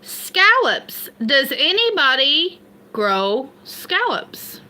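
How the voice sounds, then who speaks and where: A woman's voice: high voice, sing-song, extremely slow, sharp tone, slight background noise. A woman from Kentucky with an Appalachian accent, chatting casually and rambling on a livestream, laughing at herself. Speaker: homestead livestream host.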